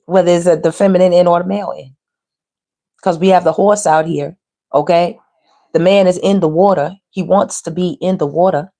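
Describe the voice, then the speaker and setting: A woman's voice: on the low side, steady tone, normal speed, gravelly, warm tone. A woman giving a casual, teasing tarot reading straight to her viewers. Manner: chatty, teasing, talks straight to viewers with slang. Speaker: tarot reader.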